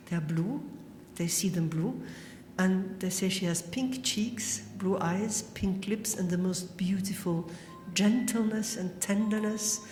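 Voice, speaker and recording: A woman's voice: medium pitch, darkish tone, a little hiss or hum. Woman telling her story in an echoey hall. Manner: earnest, storytelling, frequent quoting. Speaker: speaker giving a talk. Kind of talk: spoken religious testimony. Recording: echoey hall with long reverb.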